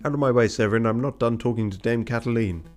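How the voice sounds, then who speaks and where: A man's voice: medium pitch, fast, a little mellow, soft background music, close to an everyday voice. A man voicing a proud, touchy bird lawyer who sounds exasperated and flustered. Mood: frustrated.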